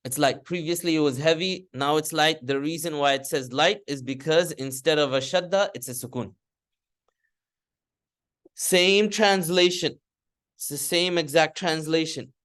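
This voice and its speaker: A man's voice: fairly high pitch, measured pace, a bit bright. A man teaching Arabic grammar in a classroom, explaining patiently and leading students through recited drills. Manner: patient, repeats terms and has students recite after him.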